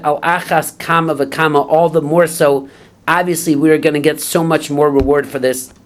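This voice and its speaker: A man gives a Talmud class. His voice sits a little high, and he works through the text phrase by phrase, first reading the original, then translating and explaining it. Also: darkish tone, a little hiss or hum. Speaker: Talmud teacher.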